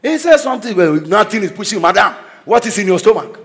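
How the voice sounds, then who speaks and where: High, lively preacher man. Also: fast talker. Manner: exclaiming declarations, swinging between soft asides and shouts. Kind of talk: energetic sermon with storytelling.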